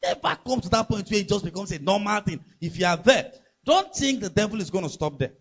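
Pastor, emphatic sermon, husky voice, muffled lo-fi recording. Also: male voice, high voice, lively intonation, a little fast. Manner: emphatic, preaching with rhetorical questions to the congregation.

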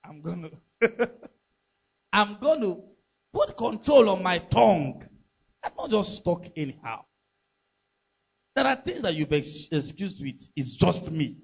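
Pastor, emphatic sermon, husky voice, muffled lo-fi recording. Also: male voice, sits high, big pitch swings, slow, long pauses. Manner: emphatic, preaching with rhetorical questions to the congregation.

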